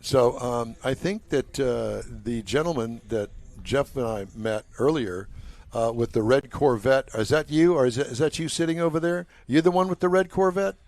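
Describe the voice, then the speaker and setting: A man's voice: mid-range voice, normal speed, a little mellow. An older man hosting a live talk show from a car show, chatty and joking with his co-hosts. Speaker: host. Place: outdoor waterfront car show.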